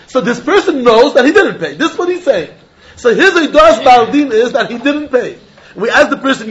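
Male Talmud teacher, high-pitched and animated, debates both sides with laughs; muffled lo-fi audio. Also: moderate pace. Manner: animated, argues back and forth, laughs often. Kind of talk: Talmud lesson, lively explanation. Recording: dull lo-fi recording.

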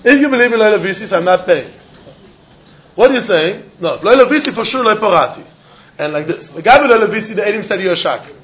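A man's voice: sits high, animated, quick pace, fairly bright tone. A man teaching a Talmud lesson, arguing both sides back and forth and often laughing as he explains. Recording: dull lo-fi recording.

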